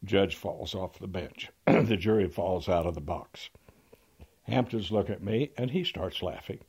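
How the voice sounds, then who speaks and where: Older male lawyer, raconteur, deep husky voice, dry wit, throat-clearing. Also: measured pace, a little mellow. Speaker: trial lawyer. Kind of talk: anecdotal storytelling.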